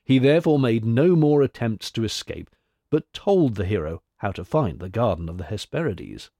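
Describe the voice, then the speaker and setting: A male narrator reading a classic tale aloud in a measured, expressive way. His pitch sits in an ordinary middle range. The recording is close and dry, with no room sound. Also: vocal fry, no echo.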